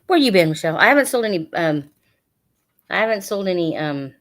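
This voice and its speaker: Low-voiced woman hosting a chatty sale. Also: sing-song, fairly quick. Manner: chatty, rambling, with many fillers. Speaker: online sale host. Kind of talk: casual live sale patter.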